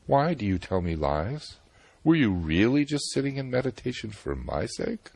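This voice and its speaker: A young enchantress toys with an old sage in a coy, knowing tone, voiced by a man narrating a myth. His low, husky voice lifts only slightly for her. The sound is dry and close. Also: expressive, unhurried, no room sound, full character voice. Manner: coy, then commanding. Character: cunning young enchantress woman, coy and commanding.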